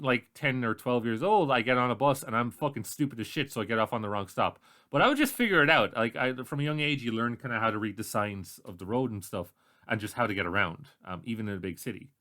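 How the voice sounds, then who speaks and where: A man's voice: medium pitch, bright, forceful tone. A man with an Irish accent co-hosting a podcast, talking bluntly and animatedly in casual chat, with plenty of swearing. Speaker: podcast co-host.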